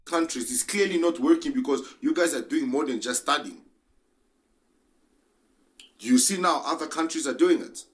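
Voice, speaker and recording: A man's voice: fairly high pitch, animated, normal speed, pauses often. A man giving earnest political reaction commentary, explaining his points.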